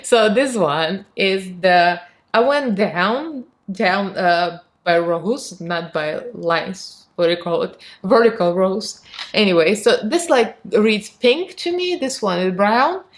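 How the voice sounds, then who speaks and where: A woman's voice: mid-range voice, animated, slow. A woman with a Russian accent, a beauty vlogger in her thirties, chatting candidly to camera, laughing often and acting out what people said to her. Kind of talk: casual chat to camera.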